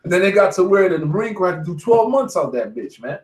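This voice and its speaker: Around forty, this street Bible teacher has a high, sing-song voice that's a bit mellow and fast, with a little hiss or hum. He leads the study casually, preaching and telling war stories, emphatic and profane, saying "man" after almost every phrase. The room echoes.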